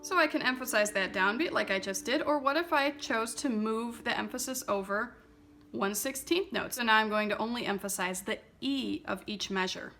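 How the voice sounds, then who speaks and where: A woman teaching a music lesson, explaining a playing exercise step by step in a clear, methodical, patient way. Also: on the high side, normal speed. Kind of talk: instructional explanation.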